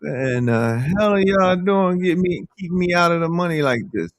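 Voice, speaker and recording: A man coaching day trading as he trades live, talking in a chatty, animated way and speaking to the market out loud. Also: sits high, normal speed, hardly any pauses, no room sound.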